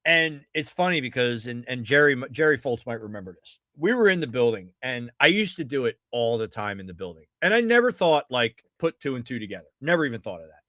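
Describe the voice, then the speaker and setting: Man, rambling storyteller, many restarts, forceful tense tone, dry close sound. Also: medium pitch, very animated, a little fast, few pauses, no echo. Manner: rambling with frequent restarts and fillers. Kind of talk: casual anecdote telling.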